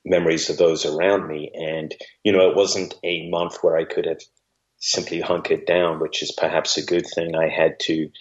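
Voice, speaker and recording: A man with an English accent, a guest talking in a wry, measured, self-deprecating way. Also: deep voice, flat delivery, dull audio. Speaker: guest, former Marine officer. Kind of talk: casual conversation.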